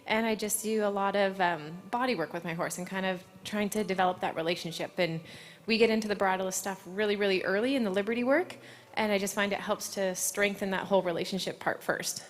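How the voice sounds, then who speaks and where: A woman's voice: mid-range voice, brisk. A young woman horse trainer being interviewed after a win, bubbly, earnest and close to tears. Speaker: award-winning horse trainer. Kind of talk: on-the-spot interview. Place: large covered horse arena. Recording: long echo of a large covered arena.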